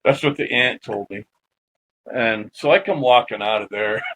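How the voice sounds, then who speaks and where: A man as a podcast guest, telling a personal story in an animated, casual way and swearing freely. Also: fairly low pitch, normal speed, slight background noise, rough recording.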